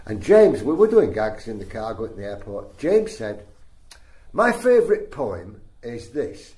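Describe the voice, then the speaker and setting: An older man, a comedian guest, telling stories in an animated, laughing way during an interview. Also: medium pitch, unhurried. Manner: animated storyteller, breaks into laughter. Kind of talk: anecdotal interview chat. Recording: echoey room, faint noise.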